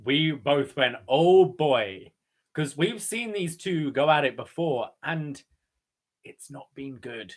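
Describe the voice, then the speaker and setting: A man's voice: on the high side, animated, slow. A man co-hosting a podcast, chatting about wrestling with eager asides. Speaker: podcast co-host. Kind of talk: casual wrestling recap chat.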